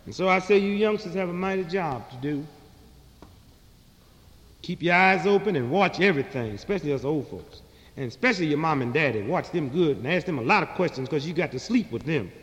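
A man's voice: on the high side, expressive, brisk, fairly bright tone, big-room sound, dull audio. A man delivering a political stand-up monologue in a fiery, preaching, sarcastic manner to a live audience. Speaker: comedian and speaker.

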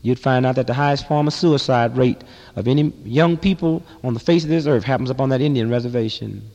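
A man delivering a fiery speech to a live audience, impassioned, rhythmic and sarcastic, swinging from loud to hushed. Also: mid-range voice, fairly quick, gravelly, muffled recording. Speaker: political activist speaker. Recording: long reverb in a large hall.

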